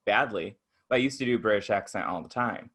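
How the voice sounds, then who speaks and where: A man co-hosting a podcast in casual chat, gushing and animated, breaking into laughter. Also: fairly low pitch, quick pace. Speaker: podcast co-host.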